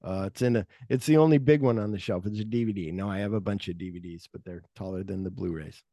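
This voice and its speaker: A man's voice: sits low, fast, warm tone, no room sound, studio quality. A man hosting a podcast, chatting casually about movies in a loose, rambling way with lots of filler words. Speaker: podcast host. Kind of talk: casual film chat.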